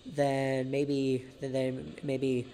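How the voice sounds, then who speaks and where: A man narrates a solo podcast episode in a loose, conversational way at an ordinary mid pitch. He trips over his words, backs up and repeats himself, then pushes on. There is a faint hiss of noise behind him. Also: completely flat delivery, mellow. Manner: halting, with frequent restarts and repeated words; chuckles at his own jokes. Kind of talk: casual informational narration.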